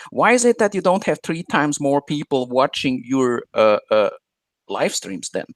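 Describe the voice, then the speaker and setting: A man's voice: medium pitch, a little slow, dry recording. A man co-hosting a live stream, talking in long rambling questions full of fillers. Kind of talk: casual live stream chat.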